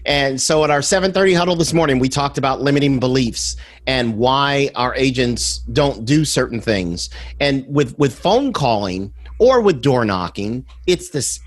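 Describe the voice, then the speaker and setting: Male sales coach, podcast guest, animated and emphatic, conversational. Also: medium pitch. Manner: animated storyteller, emphatic, repeats words.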